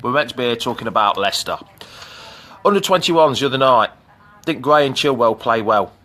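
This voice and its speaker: Midlands bloke, middle-aged, chatty fan stream from a pool, bright forceful voice. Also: male voice, mid-range voice, animated, a little fast. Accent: English Midlands. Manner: chatty, greets viewers by name. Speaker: fan channel host. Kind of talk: live-streamed casual chat. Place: outdoors in a swimming pool. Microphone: phone camera.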